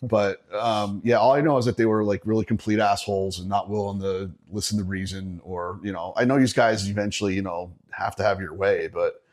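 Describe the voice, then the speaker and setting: A middle-aged man with a fairly low voice shares a gig story on a podcast. He talks in a loose, conversational way, swears freely and laughs often as he goes. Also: steady tone, fairly quick, hardly any pauses, darkish tone. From Northeastern Pennsylvania. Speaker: podcast guest. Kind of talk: casual storytelling chat.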